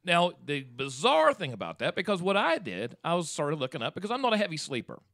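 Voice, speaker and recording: A man's voice: on the high side, big pitch swings, quick pace, fairly bright tone, dry recording, clean studio sound. A man co-hosting a casual podcast, rambling through stories and laughing at his own jokes. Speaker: podcast co-host. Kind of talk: casual chat.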